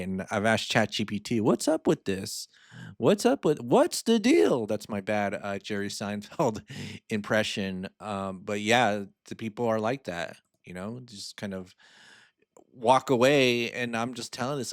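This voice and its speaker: A man's voice: on the low side, steady tone, moderate pace, dry recording, clean studio sound. A man hosting a personal finance channel, talking casually with lots of asides while he walks through a spreadsheet. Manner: chatty and informal, lots of fillers and asides. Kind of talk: casual explainer.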